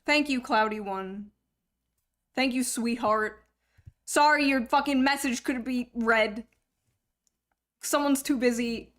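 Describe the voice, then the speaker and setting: A young woman with a fairly high voice hosts a livestream in loose, casual chat. She jokes crudely and swears freely as she talks to her chat and reads donations. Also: slow pace, pauses often, a bit bright. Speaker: livestream host.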